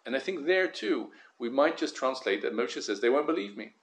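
A man giving a Torah lesson, careful and measured, stressing key words and often repeating himself as he weighs a point. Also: medium pitch, expressive. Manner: careful, measured, with frequent word repetitions. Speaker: Torah teacher. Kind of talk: Torah lesson on the weekly portion.

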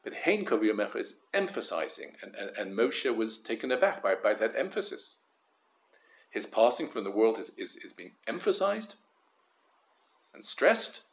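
Man teaching Torah with lively pitch. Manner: careful, measured, with frequent word repetitions; emphatic, stressing key words. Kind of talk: Torah lesson on the weekly portion.

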